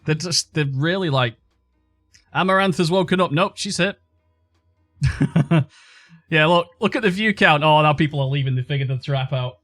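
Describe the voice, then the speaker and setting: A man's voice: a little high, moderate pace, long pauses, fairly bright tone, no echo, clean studio sound, soft background music. A man streaming casually, sarcastic and joking, jumping between topics.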